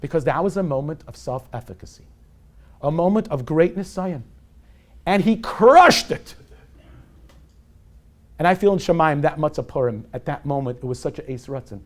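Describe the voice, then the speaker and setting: A man's voice: a little high, fast talker. A man in his forties, a rabbi giving a lecture on parenting to a live audience, telling stories with humor and sprinkling in Yiddish and Hebrew terms. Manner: warm and self-deprecating, with humor.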